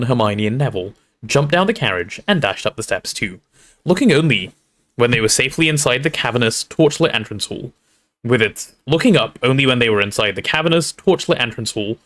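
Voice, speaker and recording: A man reading a storybook aloud to a livestream audience in an expressive, relaxed storytelling manner. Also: mid-range voice, fairly quick. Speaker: streamer reading aloud to chat.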